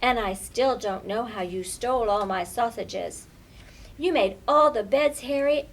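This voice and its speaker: A woman voicing a little girl who scolds her naughty pet in a high, loud, exclaiming voice. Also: a little slow. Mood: scolding.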